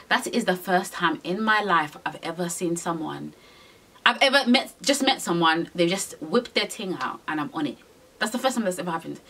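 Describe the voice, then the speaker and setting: Young woman, confessional vlogger; bright, animated delivery, rambling and unfiltered. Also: lowish voice. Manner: frank, rambling, swears freely, heavy slang. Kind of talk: storytime confession to camera.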